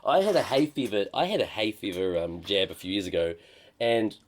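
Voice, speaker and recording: A man's voice: lowish voice, expressive, fairly quick, a little hiss or hum. A man who is a comedian, co-hosting a casual podcast and telling a long, rambling story with many fillers and restarts. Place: shed.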